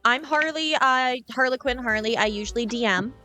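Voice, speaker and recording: A woman's voice: a little high, moderate pace, bright, forceful tone, soft background music. A woman who runs the group's tabletop game, chatting and teasing in a casual podcast. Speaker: game master.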